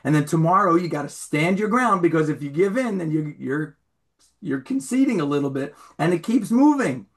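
A man teaching a Torah class as rabbi, informal and animated, acting out stories and raising his voice for the punchlines. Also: a little high, normal speed. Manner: animated storyteller, shouts when acting out scenes.

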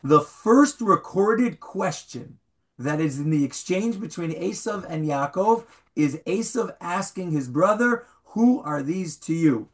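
Animated man teaching a Bible class. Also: on the high side, measured pace. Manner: animated, questions the students, reads Hebrew aloud. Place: classroom with a small group.

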